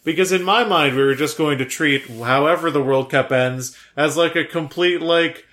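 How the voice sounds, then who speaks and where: A man's voice: fairly high pitch, normal speed, a bit bright. A man co-hosting a casual podcast chat, joking and wry. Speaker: podcast co-host.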